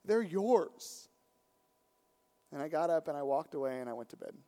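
A man preaching a storytelling sermon, his voice swinging from hushed and quiet to loud and emphatic. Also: on the high side, very fast.

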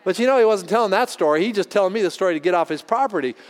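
A pastor telling a personal story in a sermon, animated and acting out the voices of the people in it. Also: male voice, sits high, very fast. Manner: animated, acts out voices in his anecdotes. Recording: long hall reverb.

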